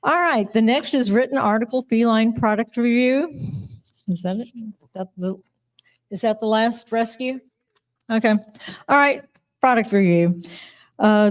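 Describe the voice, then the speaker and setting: A woman's voice: medium pitch, darkish tone. A woman reading out award winners at a live ceremony, chatty and giggly, apologizing when she trips over names. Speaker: awards presenter.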